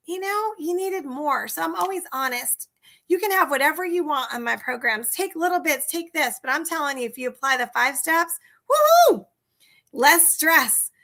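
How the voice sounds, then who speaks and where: A woman's voice: very high-pitched, pushed and bright. A woman hosting a casual livestream as a sales coach, talking enthusiastically and directly to her viewers.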